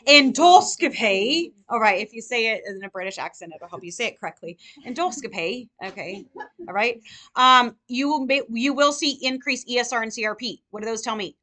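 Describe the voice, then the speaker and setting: A woman nursing tutor lecturing a live class, firing rapid questions at her students. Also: on the high side, sharp tone.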